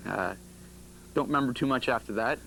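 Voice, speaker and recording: A man in his twenties telling students about his crash, pausing often with ums and uhs. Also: mid-range voice, gravelly, a bit bright, a little hiss or hum, low-quality recording. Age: 20s. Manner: hesitant, many ums and uhs. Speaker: crash survivor speaking to students. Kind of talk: personal story told to a group.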